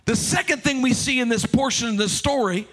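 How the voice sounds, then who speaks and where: A man preaching a sermon as pastor, passionate and loud, leading the congregation in call-and-response. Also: very high voice, a little fast.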